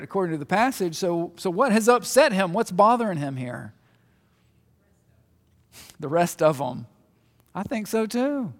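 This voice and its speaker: A man preaching a sermon in a conversational way, shifting between loud emphatic asides and quiet reflection. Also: high voice. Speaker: pastor. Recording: long hall reverb.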